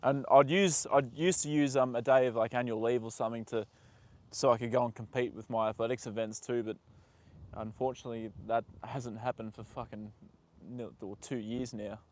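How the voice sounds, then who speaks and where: A young man live-streaming from a horse paddock, chatting with viewers and talking softly to his horse. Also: mid-range voice, fairly even intonation, moderate pace. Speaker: livestream host. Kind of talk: casual live stream chat.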